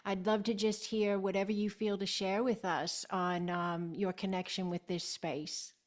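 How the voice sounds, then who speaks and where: A woman's voice: mid-range voice, level tone, a little slow. A woman hosting an interview on a video call, effusive and full of praise, often repeating herself and laughing. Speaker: host.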